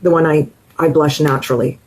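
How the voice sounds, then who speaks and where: A woman's voice: low-pitched, steady tone, brisk, darkish tone, a little hiss or hum, poor audio. A woman talking viewers through her makeup as a beauty vlogger, chatty and enthusiastic, addressing them directly. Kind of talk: casual makeup tutorial chat.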